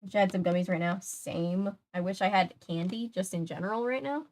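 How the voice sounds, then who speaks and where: A woman's voice: medium pitch, a little fast, darkish tone. A young woman chats casually with her stream audience between book chapters, circling her points with filler words. Her voice sits mid-range for a woman. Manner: chatty, many filler words, talks to chat. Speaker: live-stream host reading a book aloud. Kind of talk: casual live-stream chat.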